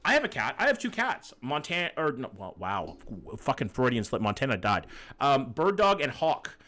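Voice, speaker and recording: His mid-range voice swings hugely in pitch, bright and forceful at a moderate pace, as this male streamer casually reacts to viewers' pets. He's loose and jokey and swears plenty, with faint music in the background.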